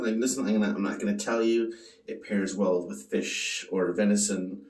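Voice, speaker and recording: A man's voice: sits low, a little mellow, echoey room, far from the mic. A man casually tasting and reviewing a beer on his vlog, joking and swearing as he rambles.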